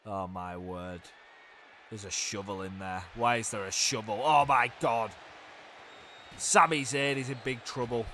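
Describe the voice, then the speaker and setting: A young man giving excitable play-by-play commentary on a wrestling video game, swinging from hushed groans to loud shouts. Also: fairly low pitch, a little slow, slight background noise.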